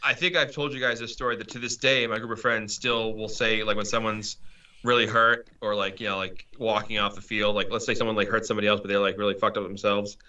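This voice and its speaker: A man co-hosting a casual talk show, chatty and quick to laugh. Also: on the low side, flat delivery, pushed and bright, distant mic. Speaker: podcast co-host. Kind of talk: casual chat. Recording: dull sound from off mic.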